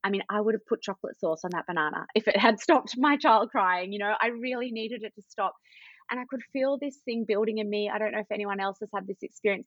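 A woman's voice: medium pitch, no echo. A woman in her thirties with an Australian accent, a parent educator telling a personal story in an interview. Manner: warm anecdotal storytelling, acts out quoted dialogue. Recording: dull, slightly lo-fi dry sound.

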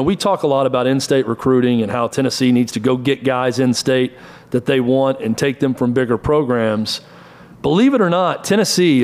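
A middle-aged man hosting a sports show, giving college football analysis and rattling off stats in short, brisk bursts. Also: mid-range voice.

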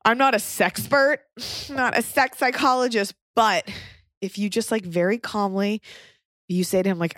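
A woman's voice: mid-range voice, moderate pace, fairly bright tone, no echo, clean studio sound. A woman in her thirties, a comedian hosting a podcast, giving blunt, crude, rambling advice in casual chat.

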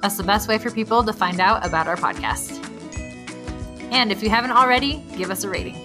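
A woman co-hosting a family podcast, talking casually and easily. She laughs often as she chats, her pitch sitting in a middle range, with faint music behind her. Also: fairly quick. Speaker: podcast co-host. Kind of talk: casual chat.

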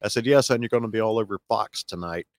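Man, Southern American accent, deep voice, rambling casual storyteller, dry recording. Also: fast talker, dry recording. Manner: rambling storyteller with many fillers. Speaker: podcast host. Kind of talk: casual chat.

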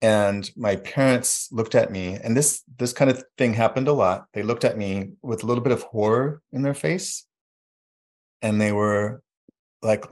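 Low-voiced man recounting his past. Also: darkish tone. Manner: reflective, halting with fillers, acts out quoted voices. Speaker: guest telling his life story. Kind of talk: personal storytelling.

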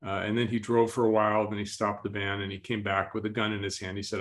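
A man telling a story as an interview guest, speaking slowly and calmly and clearing his throat often. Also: on the low side.

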